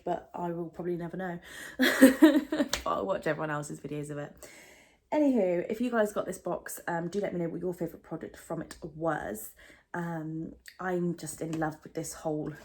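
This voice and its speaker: A woman's voice: low-pitched, a little mellow, slight background noise. A young British woman chatting casually through a product unboxing, rambling with lots of fillers and asides. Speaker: beauty vlogger.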